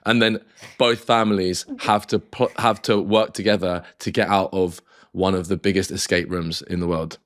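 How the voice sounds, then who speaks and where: A low-pitched man tells a long, loose story on a casual podcast. He swears freely, backtracks and acts out other people's lines as he goes. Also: steady tone, normal speed. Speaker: podcast co-host.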